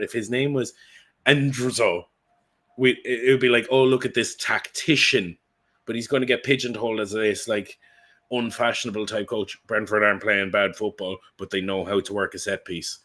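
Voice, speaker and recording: A man co-hosting a football podcast, talking in an animated, rambling way and swearing freely. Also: fairly low pitch, normal speed. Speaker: podcast co-host. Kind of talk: casual football chat.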